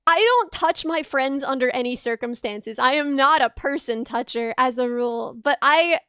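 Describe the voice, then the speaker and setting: Young woman, twenties, VTuber, high voice, dry sound, casual rambling chat, giggly, self-deprecating. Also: expressive, moderate pace, sharp tone, smooth, no echo. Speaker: VTuber streamer. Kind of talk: casual chat reading viewer messages.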